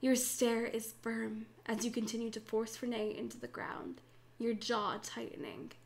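A woman's voice: fairly high pitch, little pitch movement, unhurried, gravelly. A young woman narrating a Minecraft role-play as game master, then playing frantically and swearing through the fights. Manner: frantic, swearing during combat.

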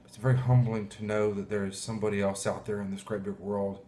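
Man, pastor, low voice, emotional sermon, faint background noise. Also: little pitch movement, warm tone. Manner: heartfelt, halting, clears throat often.

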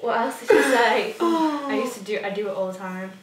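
A woman's voice: on the high side, lively intonation, a little fast. A young woman vlogger chatting casually and giggling often. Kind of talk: casual chat. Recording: echoey room, mic far off, faint noise.

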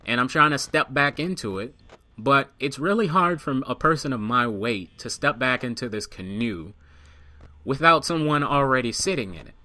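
A young man telling a funny story as voice-over commentary for his gaming channel, swearing freely and loudly acting out the quotes of the people in it. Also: medium pitch, lively intonation, normal speed, dry recording.

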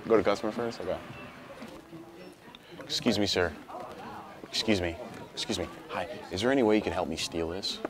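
A man's voice: deep voice, a little fast, long pauses, a crowd in the background. A young man hosting a prank video, talking casually and pleading in a playful, provocative way.

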